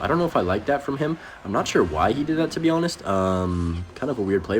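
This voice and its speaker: Guy rattling off game commentary super fast, gets hyped, talks to viewers, faint noise behind. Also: mid-range voice. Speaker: gaming commentator. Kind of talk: live gameplay commentary.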